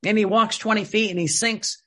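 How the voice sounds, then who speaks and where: A man's voice: high voice, steady tone, moderate pace, a bit bright. A man preaching a sermon in an emphatic, repetitive way, often restarting his sentences.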